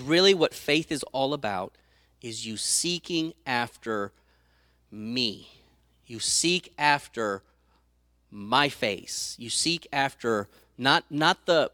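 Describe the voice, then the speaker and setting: Man, preacher, sermon, animated storytelling, scripture reading, mid pitch, dry room. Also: dry recording. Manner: animated storytelling, acts out quoted speakers; reads scripture aloud in old-fashioned wording.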